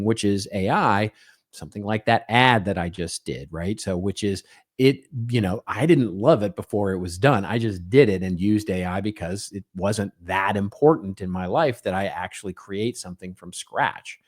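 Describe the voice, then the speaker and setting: A middle-aged man talks through ideas alone on his podcast, in a lowish voice. He keeps things conversational, checks in with a quick "right?", and slips into short acted-out snippets of everyday small talk. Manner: conversational, frequent "right?" tags, acts out small quoted exchanges. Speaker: podcast co-host. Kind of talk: solo podcast monologue.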